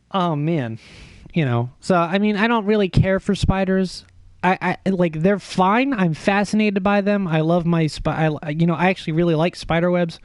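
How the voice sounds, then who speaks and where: Animated, foul-mouthed man telling a story. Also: a little high, no room sound. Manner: profane, animated, self-mocking. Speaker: livestreamer. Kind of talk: casual storytelling stream chat.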